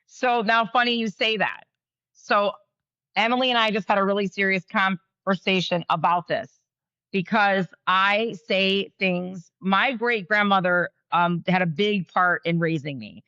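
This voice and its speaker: Female co-host from West Virginia, bright tone, muffled dry recording. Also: medium pitch, measured pace, clear, resonant tone, no room sound. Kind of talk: casual podcast chat.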